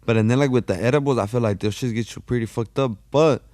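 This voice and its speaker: A man talking on a podcast in a slangy, loose, profane way, and he keeps calling his listener "fool." His voice sits at an ordinary pitch. He is recorded dry and close to the mic, with no room sound. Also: fast, a little mellow, dry recording. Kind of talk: casual chat, storytelling.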